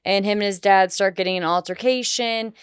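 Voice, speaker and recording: A young woman co-hosting a casual movie podcast, briskly recapping the plot. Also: medium pitch, clear, resonant tone, no room sound, studio quality. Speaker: podcast co-host.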